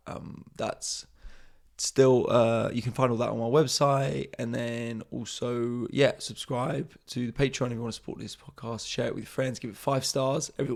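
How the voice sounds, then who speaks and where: A man's voice: medium pitch, gravelly, darkish tone. A man, a comedian hosting his podcast in a casual, rambling monologue, swearing freely and mocking himself.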